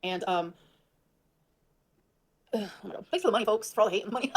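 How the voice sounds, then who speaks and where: Fast-talking woman venting on a livestream. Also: medium pitch, lively intonation, slightly rough. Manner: fast, emphatic, swears often. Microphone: livestream mic.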